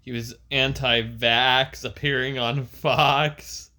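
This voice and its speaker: A young adult man co-hosting a podcast in casual chat, excitable and laughing easily. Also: mid-range voice, slow pace. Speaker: podcast co-host.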